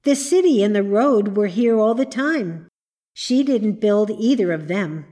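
A woman's voice: medium pitch, expressive, measured pace, mellow. A woman reading the part of a dream, a skeptical spirit that questions and disapproves, in a storybook. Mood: disapproving. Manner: doubting, disapproving.

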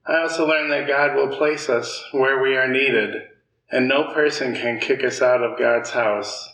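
A man hosting a church meeting, reading a testimony in a steady, measured way. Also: mid-range voice, gravelly. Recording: roomy sound with faint noise.

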